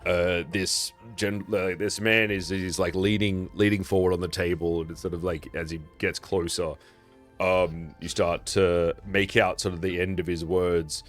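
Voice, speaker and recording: A man's voice: low voice, flat delivery, a little slow, faint music behind. A man narrating as game master of a tabletop game in a casual, rambling way with many fillers.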